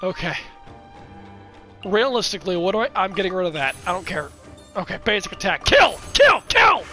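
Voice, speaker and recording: Hoarse, shouting man with bright, high voice. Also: fairly quick, faint music behind. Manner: over-the-top yelling, theatrical trash talk. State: hoarse, voice worn out. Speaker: gaming video creator. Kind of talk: excited card game commentary.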